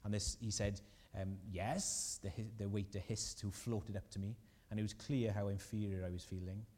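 A man's voice: lowish voice, flat delivery, a little fast, warm tone, long reverb tail. A man preaching a sermon as a pastor, earnest and rising in emphasis on key lines.

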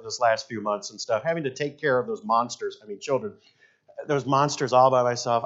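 A middle-aged man, a pastor preaching a sermon in an animated, jokey way. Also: medium pitch, highs cut off. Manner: animated, jokey, shouts in acted quotes.

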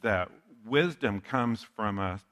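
A man's voice: fairly low pitch, slow pace, a bit bright. A man preaching a sermon as a pastor, talking conversationally and telling stories with asides to the listener.

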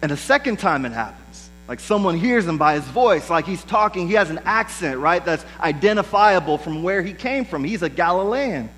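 A man's voice: high-pitched, expressive, moderate pace, few pauses, a bit bright, a little hiss or hum, poor audio. A man preaching a sermon in a conversational way, acting out the lines of the people he quotes. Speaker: pastor.

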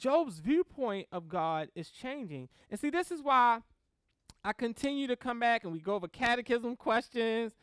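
Preacher, sermon, animated delivery, smooth clear voice, close dry recording. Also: medium pitch, normal speed, no echo. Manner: animated, acts out quotes in voices, laughs at own stories.

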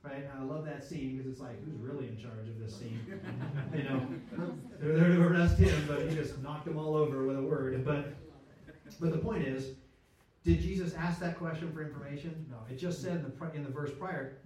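A man's voice: fairly high pitch, a little fast, darkish tone, a little hiss or hum. A man teaching from a Bible passage in a conversational way, asking rhetorical questions and correcting himself as he goes. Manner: asks rhetorical questions, checks in with listeners; restarts and self-corrects mid-sentence. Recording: very echoey room, speaker far from mic.

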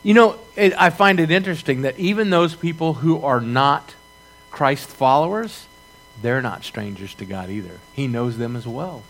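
A man's voice: medium pitch, lively intonation, moderate pace, fairly bright tone. A middle-aged man preaching a sermon, reading scripture and telling stories with rhetorical questions to his congregation. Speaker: pastor.

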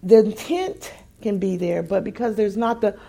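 A woman preaching a sermon, musing quietly at times and building to emphatic, repeated phrases at others. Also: medium pitch, moderate pace, creaky.

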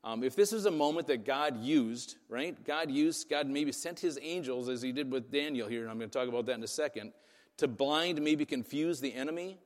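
A man's voice: mid-range voice, fairly quick. Man preaching in a reverberant hall. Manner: conversational, asks "right?" often. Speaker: pastor. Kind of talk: sermon.

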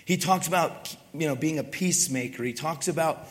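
Middle-aged male pastor, hoarse and raspy, preaching casually in a long-echo hall; slightly high voice. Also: normal speed. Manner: chatty and self-deprecating, then hushed in prayer. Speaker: wrestling coach. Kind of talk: sermon. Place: church sanctuary.

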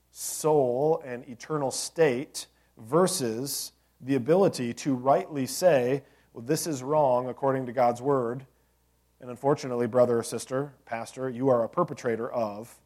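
A man's voice: medium pitch, a little mellow. A man preaching a sermon as a pastor, conversational, with joking asides and rhetorical questions to the congregation.

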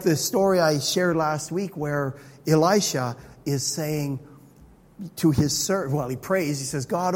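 Man, pastor, lively conversational sermon, fairly high husky voice, long hall echo. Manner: animated, conversational preaching.

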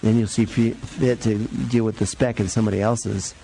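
A male pastor giving a conversational sermon in a church, jumping up and down in pitch to stress his points. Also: normal speed, creaky, slight background noise, poor audio. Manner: conversational and lively, varies pitch for emphasis. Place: church sanctuary.

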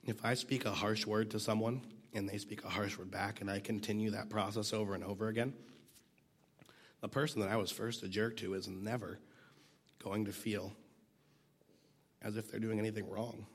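Teaching a Bible passage, this man speaks in a fairly low, flat voice with a breathy edge, at a moderate pace and with frequent pauses. He keeps it casual, conversational, and self-deprecating, battling a cough and sometimes sinking to almost a whisper.

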